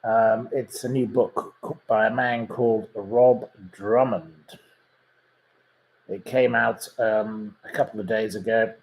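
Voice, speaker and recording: A man's voice: fairly low pitch, fairly even intonation, takes it slowly, gravelly, darkish tone, rough recording. A man hosting a casual chat podcast, rambling through recommendations with many ums and gossipy asides. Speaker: podcast host.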